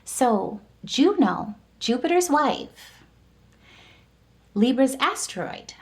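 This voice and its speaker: She takes it slowly, her high-pitched voice very animated. A tarot and astrology reader, she offers a casual, upbeat horoscope, friendly and supportive, working through long keyword lists.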